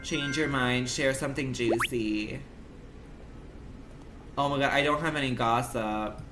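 A man's voice: mid-range voice, steady tone, unhurried, over music. A young man livestreaming a game, rambling in a campy, dramatic, profane way at home. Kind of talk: casual game commentary.

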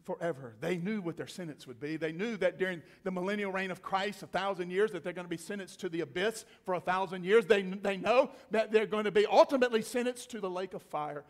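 A male pastor preaching a sermon in church, emphatic and repetitive, swinging from loud to hushed. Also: high voice, a little fast, few pauses.

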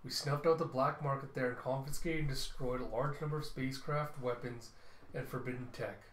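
A man's voice: medium pitch, steady tone, a little fast, slight background noise, lightly acted. A man voicing a male vampire general who reports in a clipped, deferential way as he reads a comic aloud. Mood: reporting. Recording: roomy echo.

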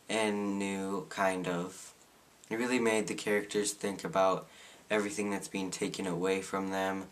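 Teenage guy, lowish voice, casual sarcastic book-review vlogger. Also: fairly bright tone. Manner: opinionated and sarcastic.

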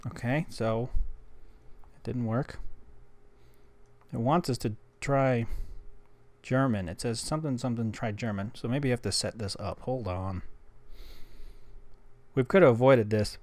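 Excitable american guy messing with a gadget, mid-pitched voice, talks to himself. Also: unhurried, pauses often. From United States. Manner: chatty, excitable, talks to himself while testing. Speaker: tech YouTuber. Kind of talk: casual unboxing commentary. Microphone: desk microphone he records on.

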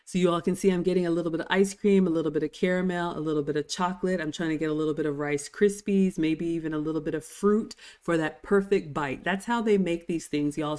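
A woman's voice: sits low, a little mellow. Gushing woman vlogger. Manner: gushing, chatty, reads viewer comments aloud. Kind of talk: live-stream commentary over cruise dining footage.

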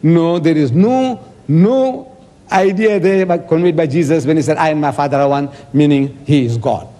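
Man, debater, high mellow voice, emphatic, rhetorical, long hall echo. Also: moderate pace. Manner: emphatic, rhetorical questions, quotes scripture. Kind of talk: public debate speech.

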